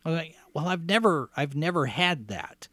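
A man's voice: fairly high pitch, expressive, moderate pace, pushed and bright, no echo. Chatty Texas-raised man, plain American accent. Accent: general American. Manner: chatty, laughs easily, self-correcting. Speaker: host. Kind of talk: casual podcast chat.

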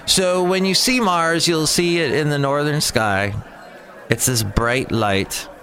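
A man's voice: fairly high pitch, slow pace, a bit bright. A man hosting a casual solo show, rambling and sarcastic as he jumps from topic to topic. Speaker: podcast host.

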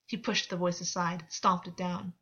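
A woman's voice: fairly low pitch, little pitch movement, moderate pace, bright, forceful tone, slightly rough. Woman narrating fiction, muffled lo-fi. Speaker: audiobook narrator.

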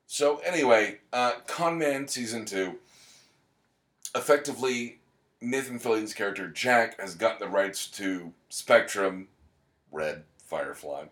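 A man with a lowish voice talks in a loose, casual podcast chat. He rambles, cracks jokes and drifts off on quick tangents while explaining a show to his co-host. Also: a bit bright, roomy sound.

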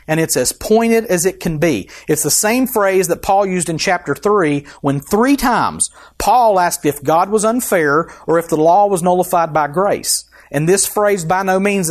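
A man preaching a sermon as pastor, emphatic and putting questions to the congregation. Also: sits high.

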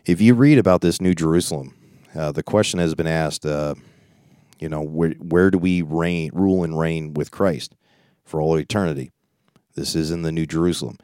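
A preacher with a very deep, mellow, clear and resonant voice leads a Bible study, reading scripture aloud and then commenting on it informally. His delivery is conversational, full of restarts and asides. The studio-quality recording has no echo.

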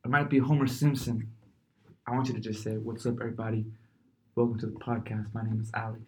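A man's voice: lowish voice, flat delivery, fast. A young man co-hosting a podcast, joking and swearing in casual chat. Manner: laid-back, profane, joking. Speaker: podcast co-host.

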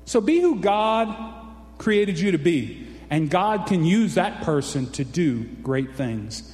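A man's voice: high-pitched, very animated, slow, a little mellow. A man preaching a folksy, exclamatory sermon, often calling out for an amen. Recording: echoey hall reverb.

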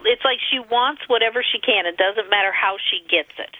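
A woman's voice: fairly high pitch, brisk. A woman calling in as a psychic over the phone, talking hesitantly, repeating herself and giggling between readings. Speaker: psychic caller. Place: her home. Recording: tinny muffled phone line.

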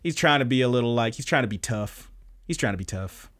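A young man hosting a podcast, recapping anime episodes in a casual, animated way, swearing often and acting out lines. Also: medium pitch, quick pace. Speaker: podcast host.

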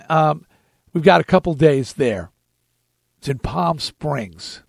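Gravelly, lively male storyteller. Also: on the high side, takes it slowly, no room sound, studio quality. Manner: animated, emphatic storyteller. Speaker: podcast host. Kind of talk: storytelling chat.

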